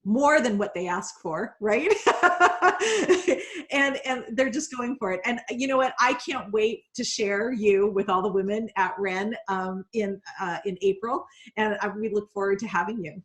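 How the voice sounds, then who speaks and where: A woman's voice: medium pitch, a little slow, a bit bright. A woman hosting a live video interview, effusive and admiring toward her guest. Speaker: host.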